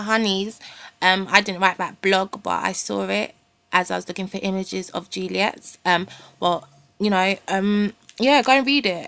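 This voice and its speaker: A woman's voice: mid-range voice, vocal fry, fairly bright tone, no room sound. A young woman, ranting in a rambling, indignant way with casual slang as a vlogger. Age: young adult. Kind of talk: ranting to camera.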